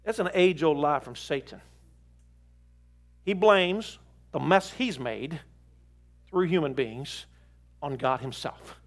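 A man's voice: fairly high pitch, takes it slowly, long pauses. A pastor preaching a sermon, telling stories and acting out the voices of people he has counseled. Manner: animated, acts out quoted voices. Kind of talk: sermon storytelling. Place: in South Florida.

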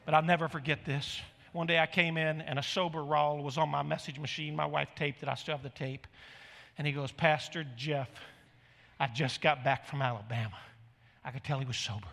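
A middle-aged pastor preaching with animated, emphatic storytelling. His voice is high and bright. It carries a long reverb from a large hall. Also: fast talker, vocal fry. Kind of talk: sermon storytelling.

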